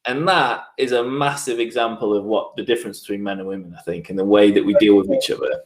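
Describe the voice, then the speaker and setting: A man's voice: on the low side, fairly even intonation, fast talker. Chatty man in an echoey room. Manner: chatty, repeats words, acts out quotes. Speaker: podcast host. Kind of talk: casual conversational interview.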